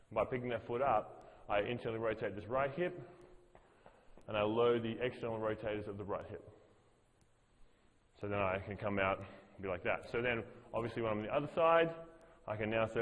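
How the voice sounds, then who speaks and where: A man's voice: medium pitch, fairly quick, in a large hall, slight background noise, low-quality recording. A man teaching a fitness class, counting reps aloud and explaining the moves as he demonstrates them. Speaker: fitness instructor. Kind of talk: gym class instruction.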